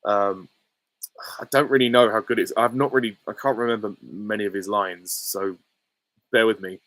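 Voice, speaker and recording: A man's voice: lowish voice, fairly even intonation, normal speed, fairly bright tone, low-quality recording. A man chatting casually while he answers viewer questions, rambling with many fillers and restarts. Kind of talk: casual livestream Q&A chat.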